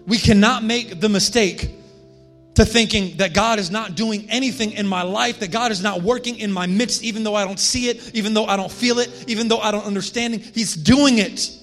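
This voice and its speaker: High-voiced man preaching conversationally. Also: normal speed, a bit bright, soft background music. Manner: conversational preaching with frequent restarts and asides. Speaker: pastor. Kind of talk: sermon.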